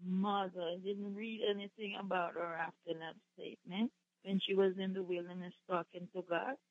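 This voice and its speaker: A woman's voice: lowish voice, flat delivery, normal speed, dry recording. Polite woman caller on a phone line. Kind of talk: phone-in question. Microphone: telephone. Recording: dull phone-line audio.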